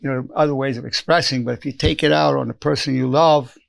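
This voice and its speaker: A man's voice: medium pitch, steady tone, fast, gravelly. A man in his eighties, a psychologist giving an earnest spoken self-help lesson, repeating lines for emphasis and acting out quoted phrases. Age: 80s.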